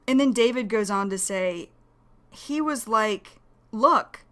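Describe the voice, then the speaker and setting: Slow, patient woman teaching English. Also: mid-range voice. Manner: explains words slowly, repeating them. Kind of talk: slow, careful vocabulary lesson.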